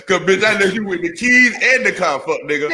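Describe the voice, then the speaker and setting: A man in casual chat, chiming in with loud, profane reactions. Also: sits high, expressive, brisk.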